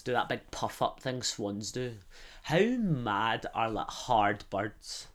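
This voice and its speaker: A young Glaswegian man from Scotland hosts a podcast full of casual, rambling, sweary comic chat. His voice sits in the mid range with a fairly bright tone, and he speaks slowly but very animatedly.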